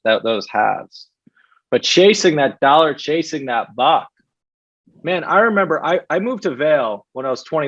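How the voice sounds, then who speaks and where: A man's voice: medium pitch, dry recording. Guest coach, man, reflective talker, muffled dry recording. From New York. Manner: reflective, keeps adding "right?". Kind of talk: casual podcast interview. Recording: dull, dry podcast sound.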